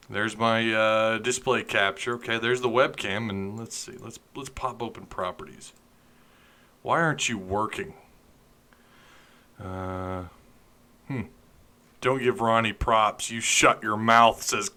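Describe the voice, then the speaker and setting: A man hosts a casual sports podcast livestream, chatty and joking while fumbling with his setup and getting flustered by tech trouble. His mid-range voice sounds pushed and bright.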